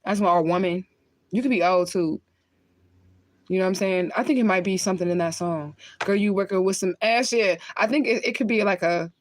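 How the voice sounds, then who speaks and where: Her voice is on the low side, and the audio has no echo. She's a spiritual reader doing a relaxed livestream, rambling and swearing, laughing frequently and smoking between thoughts as she keeps talking.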